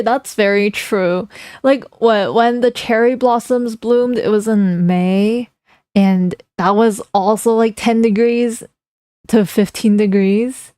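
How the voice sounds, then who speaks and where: A woman's voice: mid-range voice, measured pace, a little mellow, clean tone, no echo. Young woman streamer, teasing, laughs a lot, mid voice, close and dry. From Canada. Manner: playful, teasing, laughs often while reading chat. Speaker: livestreamer. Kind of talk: casual livestream chat.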